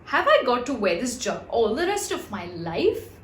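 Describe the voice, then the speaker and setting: A woman voicing a frightened young male kitten in a storybook, pleading in a squeaky voice. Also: sing-song, normal speed, a little hiss or hum. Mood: panicky. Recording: roomy echo.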